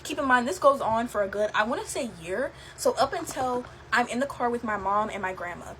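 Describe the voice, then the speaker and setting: A woman's voice: fairly high pitch, lively intonation, fairly quick, fairly bright tone, a little hiss or hum, low-quality recording. Chatty young woman telling spooky stories. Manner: chatty, lots of fillers, laughs while telling. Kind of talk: casual storytelling to camera.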